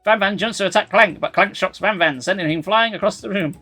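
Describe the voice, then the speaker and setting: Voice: medium pitch, a little fast, sharp tone. Streamer; wry live reader of a game, sarcastic asides, faint music under. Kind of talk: live reading of a dating game.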